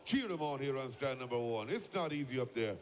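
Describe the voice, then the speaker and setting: A man's voice: mid-range voice, animated, a little fast. A man giving live play-by-play commentary at a shearing contest, urging the crowd to cheer. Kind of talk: live sports commentary over a PA.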